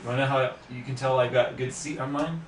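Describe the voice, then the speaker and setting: A man hosting a live stream, chatting and joking in a relaxed way as he works on a computer. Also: mid-range voice, fast talker. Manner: relaxed, joking, talks while working on a PC. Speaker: tech YouTuber host. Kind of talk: casual live stream chat while working. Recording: echoey room, distant mic, background noise.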